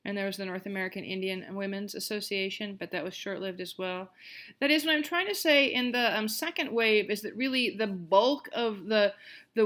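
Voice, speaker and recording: A woman history lecturer in a recorded class talk, speaking at a typical mid pitch for a woman. Her delivery is loose and conversational, full of ums, restarts and sudden animated stresses. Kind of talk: recorded online college lecture.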